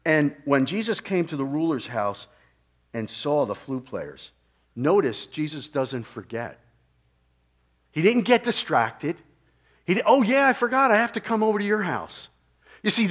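A man delivers a sermon in a fairly high voice. He moves from loud, excited exclamations to hushed, near-whispered lines. He keeps it conversational, throwing rhetorical questions straight at his listeners. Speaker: preacher.

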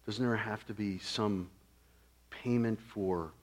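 A man preaching a sermon in a conversational way, asking his listeners rhetorical questions and swinging from loud exclamations down to hushed, near-whispered lines. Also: on the low side, steady tone, slow pace.

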